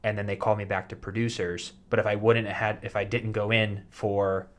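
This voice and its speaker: Rambling, low-voiced man in casual chat. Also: level tone. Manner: rambling, halting, with many fillers and restarts. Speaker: podcast co-host, soap actor.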